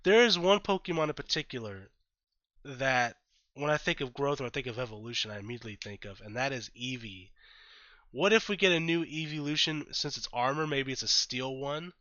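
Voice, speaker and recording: Guy rambling about a game, bright punchy voice, lots of ums, dry lo-fi mic. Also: medium pitch, lively intonation, a little fast, no echo. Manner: rambling, filler-heavy, thinks aloud; blunt and profane when annoyed. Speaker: gaming YouTuber. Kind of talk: casual reaction commentary.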